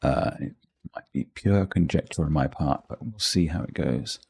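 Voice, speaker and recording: A man's voice: very deep voice, moderate pace, gravelly, a little mellow, a little hiss or hum. A man casually thinking aloud as he comments on his own game play, rambling and correcting himself. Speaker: gaming channel host.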